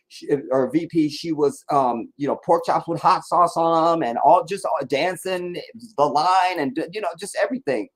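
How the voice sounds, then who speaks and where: A man hosts a casual livestream in a fairly high voice. He rants and rambles, swearing freely as he goes. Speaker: livestream host.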